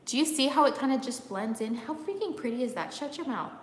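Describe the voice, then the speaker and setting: A makeup vlogger chats playfully through a casual tutorial with live comments, teasing viewers and slipping in, with bursts of laughter and high sing-song bits. Her voice is expressive and brisk, recorded in an echoey room with long reverb and a little hiss or hum.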